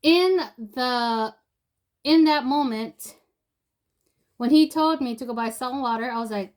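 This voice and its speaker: A woman's voice: on the high side, measured pace, pauses often. A young woman telling a personal story in a loose, rambling way, full of fillers and restarts. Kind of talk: casual spoken storytelling.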